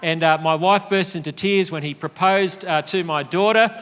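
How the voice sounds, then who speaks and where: A man's voice: high voice, normal speed, fairly bright tone, clean tone, big-room sound. A middle-aged Australian man giving an earnest, emphatic conference speech, with frequent fillers. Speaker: speaker. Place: large conference hall.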